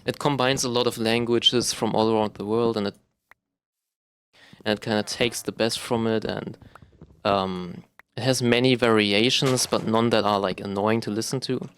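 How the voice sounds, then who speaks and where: Young guy rambling to his camera, kinda low smooth voice, lots of ums and swearing. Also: steady tone, normal speed, fairly bright tone. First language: German. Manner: rambling, profane, self-correcting, many ums. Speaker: vlogger. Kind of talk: casual monologue to camera.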